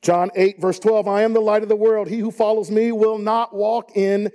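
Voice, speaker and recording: A man preaching a sermon in a church, emphatic and rising to high exclamations. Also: flat delivery, moderate pace, warm tone. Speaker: pastor. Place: church sanctuary.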